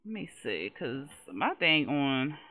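A woman hosting casual gameplay commentary, animated and exasperated, swearing freely and talking straight to her viewers, on a dull lo-fi recording. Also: deep voice, slow pace. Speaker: gaming channel host.

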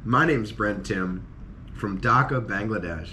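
Excitable man vlogging a food tasting. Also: fairly low pitch, unhurried, a little hiss or hum. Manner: excited, exclaiming over each dish. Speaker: travel vlogger.

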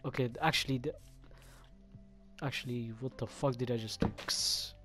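A man giving casual gameplay commentary as a gaming YouTuber, excitable and swearing often as he reacts aloud to what he sees. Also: mid-range voice, moderate pace. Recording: game music clearly behind the voice.

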